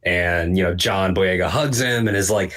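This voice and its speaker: Low-voiced man telling animated stories. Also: moderate pace. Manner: animated storyteller, quotes himself in lively voices. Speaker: podcast panelist. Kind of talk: casual chat.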